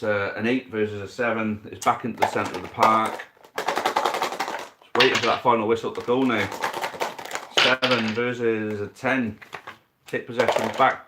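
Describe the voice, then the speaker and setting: Excitable man calling a dice match. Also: on the low side, heavy background noise. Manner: excitable commentary, rising at big moments, addressing viewers as mate. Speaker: host commentating a dice football game on a stream. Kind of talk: live game commentary and chat to viewers.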